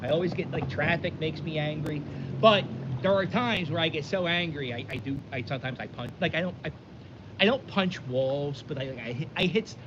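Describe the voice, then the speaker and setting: A man's voice: a little high, moderate pace, lo-fi sound. A man telling a rambling, exasperated story in a casual vlog, recorded outdoors in the wind. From Philadelphia. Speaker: vlogger. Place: outdoors by the water, windy.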